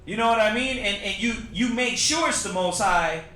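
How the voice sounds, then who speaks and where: A man's voice: sits high, moderate pace, sharp tone, reverberant. A man teaching scripture in a loose, joking way, with street slang. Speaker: Bible study teacher.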